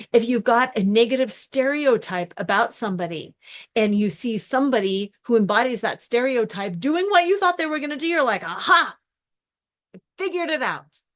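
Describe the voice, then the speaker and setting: A woman hosting a podcast as a recovery coach, talking in a casual monologue with lively acted-out reactions and long spoken lists. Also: a little high. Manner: animated, acts out quoted reactions, lists in runs.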